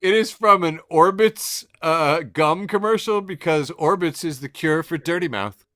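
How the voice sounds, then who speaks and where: Guy on a podcast going over memes, bright forceful voice, laughs a lot, super dry close sound. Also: fairly high pitch, unhurried, no echo. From Illinois. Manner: laughs often, reads captions in put-on voices. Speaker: podcast co-host. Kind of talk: casual chat describing memes.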